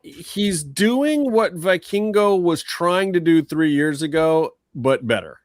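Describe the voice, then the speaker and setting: Picture a man hosting a laid-back wrestling podcast, steering the talk between segments. His voice sits a little high for a man and sounds close and dry. He talks bluntly and swears freely, teasing his co-hosts as he goes. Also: animated, slow pace, no echo. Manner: blunt, profane, teasing banter. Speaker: podcast host. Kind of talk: casual wrestling podcast chat.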